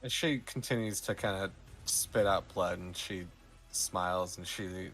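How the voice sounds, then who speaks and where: Gravelly low-voiced man narrating. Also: unhurried, fairly bright tone. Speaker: game master. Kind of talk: narrating a tabletop game.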